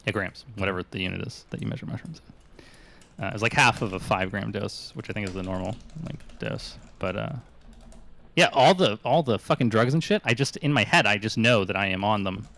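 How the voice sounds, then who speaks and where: Gravelly low-voiced man rambling casually. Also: expressive, fairly quick, fairly bright tone. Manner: rambling, laughing storytelling with many fillers. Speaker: streamer hosting a call-in show. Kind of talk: casual chat.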